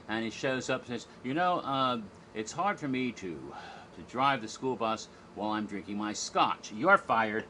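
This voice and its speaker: A man talks through a stage show in a loose, irreverent way and jumps into voices for the characters. His voice is bright and forward. Faint noise sits under the recording. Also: medium pitch, rough recording. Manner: chatty, irreverent, acts out quoted lines. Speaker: theme park history vlogger. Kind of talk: casual retelling of a stage show.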